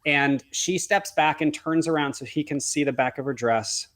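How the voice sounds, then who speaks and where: A man's voice: on the high side, moderate pace, fairly bright tone. A man, a wedding photographer and podcast guest, telling a story in an earnest way, often restarting and correcting himself and acting out remembered dialogue. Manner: acts out remembered dialogue as he talks.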